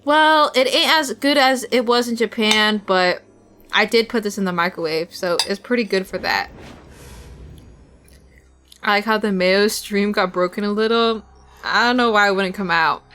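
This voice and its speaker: A woman's voice: medium pitch, normal speed, bright, forceful tone. A young woman streamer chatting casually with her viewers, rambling and giggly, talking while she eats.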